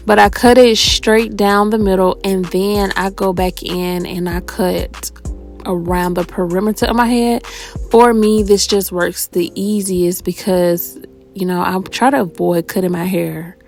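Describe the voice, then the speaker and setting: A woman's voice: medium pitch, fairly even intonation, a little slow, gravelly, faint music behind. A young woman talking viewers through a hair tutorial in a casual, chatty way, out of breath and tired. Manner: chatty, addresses viewers as y'all.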